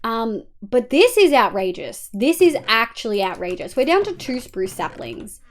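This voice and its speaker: A woman's voice: a little high, big pitch swings, normal speed. An Australian woman streaming a game live, talking casually and swearing often as she chats with viewers over a headset.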